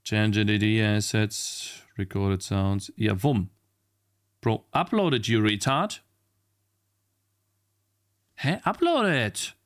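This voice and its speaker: A man's voice: on the low side, animated, slow, pauses often. Frustrated man muttering at his computer. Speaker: indie game developer streamer. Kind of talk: casual live-stream talk while working. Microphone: streaming mic at a desk.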